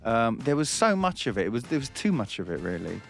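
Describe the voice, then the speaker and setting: A man's voice: brisk, vocal fry. A man hosting a casual comedic radio chat, laughing often and slipping into put-on voices. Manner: animated, laughs a lot, jumps into high put-on voices. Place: radio studio.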